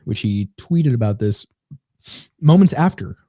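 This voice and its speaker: A man's voice: medium pitch, lively intonation, measured pace, dark tone, slightly rough, dry recording, studio quality. A man co-hosting a casual comedy podcast, rambling and sarcastic as he reads comments aloud. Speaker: podcast co-host.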